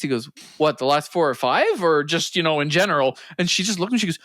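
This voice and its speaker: A man's voice: fairly high pitch, big pitch swings, fast talker, few pauses, fairly bright tone, no room sound. A man co-hosting a podcast, telling a story in casual chat, laughing often and acting out quoted lines. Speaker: podcast co-host.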